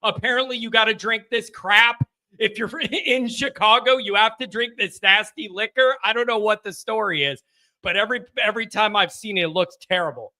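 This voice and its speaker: A man's voice: high voice, moderate pace, sharp tone. A man hosting a live sports call-in stream, chatting casually from a home studio, rambling and joking with his chat viewers.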